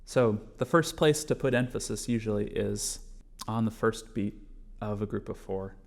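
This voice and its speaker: A man teaching a bodhrán class, patiently explaining strokes step by step and calling them out loudly as he plays. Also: lowish voice, normal speed, gravelly. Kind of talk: music lesson, counting along with drumming.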